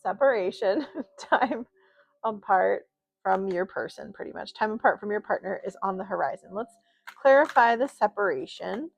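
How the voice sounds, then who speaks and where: A woman talks through a tarot reading in a loose, chatty way, drifting into asides and fillers. Her voice has a gravelly, creaky edge and sits at an ordinary pitch for a woman. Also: moderate pace. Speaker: tarot reader. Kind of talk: casual spoken tarot reading.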